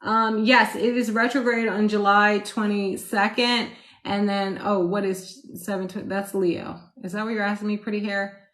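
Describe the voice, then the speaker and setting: Loud, chatty woman streaming live. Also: mid-range voice, little pitch movement, moderate pace. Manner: loud, chatty, laughs often while telling stories. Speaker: astrology livestream host. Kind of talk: casual live-stream chat. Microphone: phone. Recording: roomy echo.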